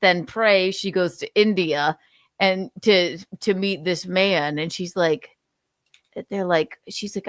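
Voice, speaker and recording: A woman's voice: on the low side, a little slow, no echo, studio quality. A woman hosting a podcast, joking and teasing her mother in casual chat. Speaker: podcast host.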